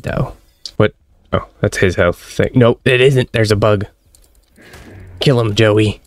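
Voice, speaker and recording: A man giving excitable let's-play commentary, laughing often and chatting to his in-game pet as he plays at home on a close desk mic. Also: on the low side, moderate pace, gravelly. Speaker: gaming channel host.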